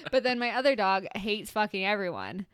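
A woman's voice: mid-range voice, fairly bright tone, clean tone, no room sound, studio quality. A woman co-hosting a comedy podcast who chats casually, rambles and laughs often. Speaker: podcast co-host.

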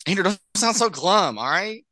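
A man's voice: high voice, expressive, normal speed, pushed and bright, no room sound, clean studio sound. A man co-hosting a casual sports podcast, teasing the others with short, giggly quips. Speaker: podcast co-host.

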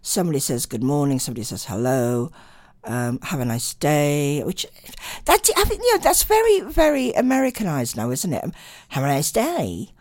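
A woman's voice: low-pitched, big pitch swings, brisk, darkish tone, dry recording. A tired woman hosting late-night radio, chatting and rambling with lots of ums. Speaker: radio host.

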